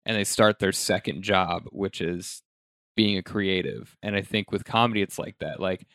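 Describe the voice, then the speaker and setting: A male podcast host talks in a relaxed, reflective way, peppering his speech with "like." His voice sits on the low side and the recording is dry and close, with no room sound. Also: normal speed, dry recording. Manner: relaxed, reflective, many "like" fillers. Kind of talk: casual chat.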